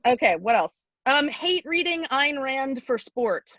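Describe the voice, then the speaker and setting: A young adult woman chatting casually on a podcast, pitching ideas and laughing often. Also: big pitch swings, a little slow, a bit bright, no echo, dull audio.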